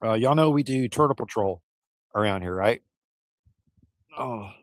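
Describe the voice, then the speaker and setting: A man's voice: lowish voice, animated, measured pace, no room sound. A man, chatting casually and rambling to live-stream viewers from outdoors by a smoker, a little out of breath. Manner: rambling, folksy, addresses viewers as y'all.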